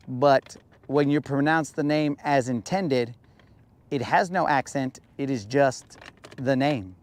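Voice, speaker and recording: A young man from New Mexico chats while fishing from a boat out on a lake, in a slightly higher register. He tells stories in a loose, joking way and stretches some lines out for fun. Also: smooth. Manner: laid-back, jokey, drawn-out playful lines. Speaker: fishing vlogger. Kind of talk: casual storytelling while bass fishing.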